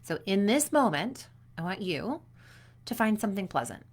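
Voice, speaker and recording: A woman's voice: medium pitch, very animated, normal speed, breathy edge. A woman in her thirties, a performance coach, giving an upbeat, chatty motivational talk to young athletes and acting out little quotes along the way.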